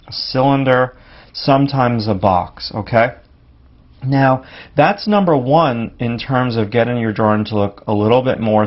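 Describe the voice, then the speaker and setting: A man giving a casual drawing lesson, explaining relaxedly as he demonstrates, with fillers like "you know" and "kinda". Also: mid-range voice. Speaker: drawing instructor. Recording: slightly dull lo-fi podcast audio.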